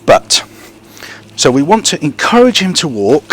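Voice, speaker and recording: A man's voice: fairly high pitch, big pitch swings, measured pace, fairly bright tone. A man training a young gundog outdoors, explaining to camera between short bursts of praise and commands to the dog.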